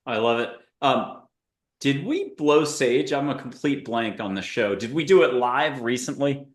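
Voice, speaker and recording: A man hosting a spiritual podcast, chatting in a relaxed, slightly scattered way. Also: mid-range voice, measured pace. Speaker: podcast host. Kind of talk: casual interview chat.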